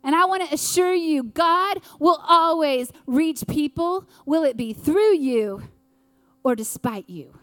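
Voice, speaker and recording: Woman preaching, earnest and dramatic, high voice, dry close sound. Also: animated, a bit bright, dry recording. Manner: earnest, preaching with dramatic pauses and acted quotes. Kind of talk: sermon.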